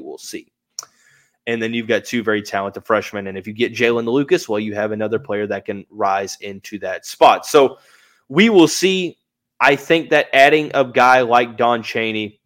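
A man hosting a live sports podcast, giving analysis in a conversational way and thinking aloud with hedges. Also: medium pitch. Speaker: podcast host.

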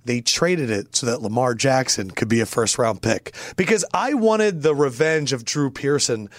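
A man co-hosting a casual sports podcast, animated and jokey, sometimes putting on mock voices. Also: mid-range voice, normal speed, dry recording, clean studio sound. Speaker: podcast co-host.

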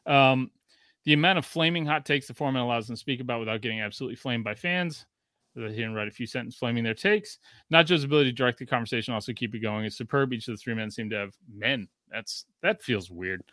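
A man's voice: mid-range voice, fast, no room sound, studio quality. A man in his thirties, a podcast host, reading a listener review aloud and joking in casual chat. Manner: joking, profane, animated.

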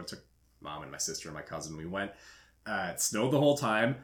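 Animated man telling a game-day story. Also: lowish voice, quick pace. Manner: animated storyteller, laughs often. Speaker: podcast host. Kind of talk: casual chat. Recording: echoey room.

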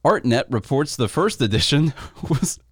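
A man's voice: mid-range voice, lively intonation, a little slow, husky, dry recording, studio quality. Chatty man co-hosting a podcast. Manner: chatty, laughs easily, stumbles over names. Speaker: podcast co-host. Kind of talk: casual news chat.

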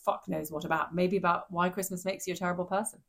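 A woman co-hosting a casual podcast chat, giggly, self-deprecating and quick to agree. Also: lowish voice, fairly even intonation, gravelly, a bit bright. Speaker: podcast co-host.

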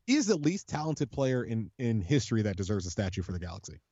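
A man with a mellow, dark voice chats on a podcast, rambling through fan stories with many restarts and plenty of swearing. The sound is dry and a little muffled, with no room echo. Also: lowish voice, big pitch swings, fast. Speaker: podcast co-host, supporters' group leader. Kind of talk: casual podcast chat.

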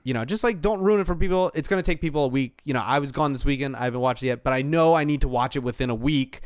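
A man co-hosting a casual podcast, animated, swearing freely and laughing often. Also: mid-range voice, rapid-fire, clear, resonant tone, dry recording, clean studio sound. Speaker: podcast co-host. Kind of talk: casual chat.

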